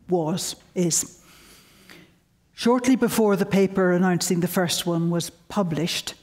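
Older woman telling wry lecture anecdotes. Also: on the low side. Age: 70s. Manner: wry, storytelling, animated quotes. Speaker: guest lecturer.

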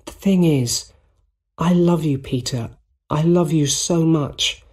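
A man voicing a loving young woman in a storybook reading, speaking softly and heartfelt. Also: on the high side, takes it slowly, pitched above the performer's own voice. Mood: tender.

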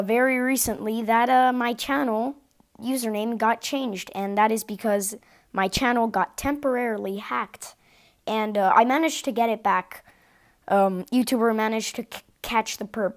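A woman YouTuber casually rambling to her viewers with plenty of hesitant fillers. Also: medium pitch. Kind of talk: casual channel update.

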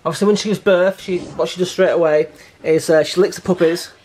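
Lower-voiced woman filming, easily amazed. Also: steady tone, brisk, a little mellow, rough recording. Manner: encouraging, easily amazed, chuckling commentary. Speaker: family vlogger filming. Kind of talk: casual family chat. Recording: home video with clear background noise.

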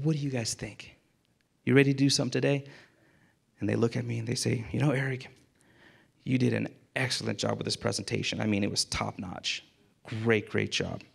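A man, an insurance agent guest, telling a casual story in a candid, lively way and acting out the dialogue he quotes. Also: mid-range voice, vocal fry.

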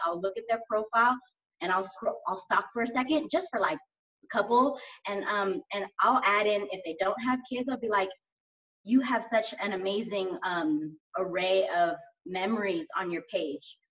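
Woman guest, eager and rambling, mid pitch, heard from far off, muffled remote audio. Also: fairly bright tone. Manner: enthusiastic and rambling, many "like"s. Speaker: guest sharing sales tips. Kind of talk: casual interview chat.

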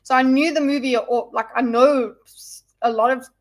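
Brief: woman livestreamer with a slightly high voice, rambling, casual and chatty. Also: fairly even intonation, normal speed. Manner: rambling and chatty, with frequent restarts and asides. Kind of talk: casual livestream chat answering viewers.

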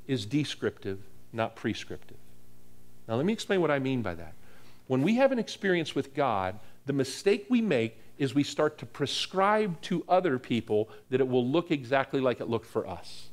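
Male preacher from the US East Coast, expressive storyteller, lively and high-pitched. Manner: animated storyteller, acts out dialogue, repeats words. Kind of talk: sermon storytelling. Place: church hall with live audience.

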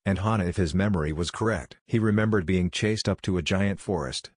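A man narrating a fan fiction story in a steady, even reading voice. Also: deep voice, breathy edge, no room sound, clean studio sound.

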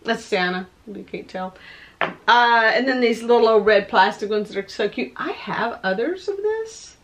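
Woman, a touch high, hoarse, casual vlog show-and-tell with a rambling delivery. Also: lively intonation, a little slow, fairly bright tone. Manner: rambling, chatty, thinking aloud. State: losing her voice. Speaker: vlogger showing thrift finds. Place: home room with window open. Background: dogs barking.

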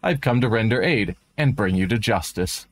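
A man voicing a proud, stubborn, smooth-talking military commander in a game. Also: lowish voice, lively intonation, moderate pace. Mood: smug. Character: smug smiling military commander.

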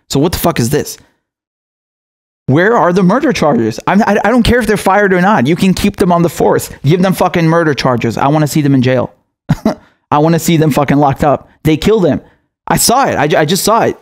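Male political commentator with a fairly high voice. Furious, sweary, and stumbling over his words. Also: a little mellow. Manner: heated, profane, stammering restarts. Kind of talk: angry commentary monologue.

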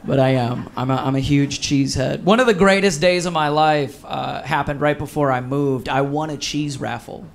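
Upbeat comedian telling a story. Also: male voice, on the high side, normal speed, vocal fry, few pauses, slight background noise. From Wisconsin. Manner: animated storytelling with acted voices. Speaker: stand-up comedian. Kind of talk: stand-up comedy set. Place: live comedy venue. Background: audience laughter.

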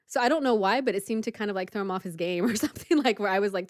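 A woman's voice: medium pitch, fast talker, hardly any pauses, no room sound, studio quality. A woman co-hosting a podcast, telling a story in casual chat, full of "like" and acting out the people in it. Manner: lively storyteller, many "like" fillers, acts out the people in the story. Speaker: podcast co-host.

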